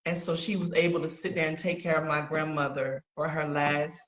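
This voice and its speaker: Animated woman telling a faith story. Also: low voice, a little fast, reverberant, a little hiss or hum. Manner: animated storyteller, acts out quoted dialogue. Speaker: podcast guest sharing testimony.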